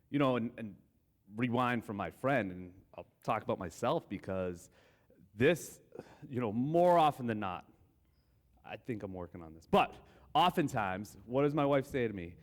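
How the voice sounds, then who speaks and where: A man preaches in a candid, storytelling way, often poking fun at himself. His pitch rises and falls a lot as he talks. The voice rings out with a long reverb, as in a church sanctuary. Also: expressive, moderate pace. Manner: candid, self-deprecating, storytelling. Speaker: guest preacher. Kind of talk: conversational sermon.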